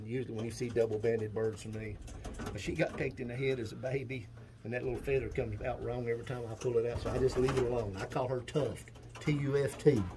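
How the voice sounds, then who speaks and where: A man's voice: mid-range voice, background noise. A man in his seventies with a Kentucky accent, a pigeon breeder rambling through a casual walkthrough of his loft, full of fillers and repeats. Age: 70s. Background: pigeons cooing.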